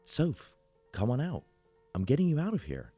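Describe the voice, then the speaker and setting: A man voicing a frightened young woman calling urgently to a friend in the dark, in a horror story. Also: mid-range voice, wildly swooping pitch, normal speed, faint music behind, pitched above the performer's own voice.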